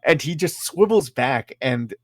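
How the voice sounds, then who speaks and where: Relaxed, rambling game master, unhurried, very dry recording. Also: mid-range voice, no room sound. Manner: rambling, giggly, lots of fillers. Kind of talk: narrating a tabletop game.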